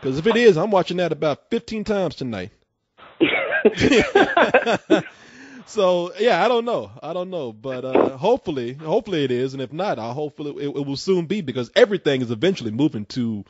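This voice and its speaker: A man with a high, very lively voice hosts a call-in show, retelling stories with excited bursts. His voice is husky and sits close to a dry, dull-sounding mic. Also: moderate pace, dry recording. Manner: excitable storyteller, acts out scenes with loud bursts. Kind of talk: casual call-in chat.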